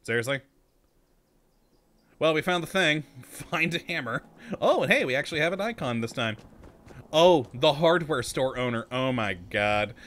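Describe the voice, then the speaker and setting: A man's voice: a little high, expressive, normal speed, fairly bright tone. Chatty man playing a game and laughing. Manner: chatty, amused, laughs often and talks to himself. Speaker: gaming channel host. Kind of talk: casual let's-play commentary.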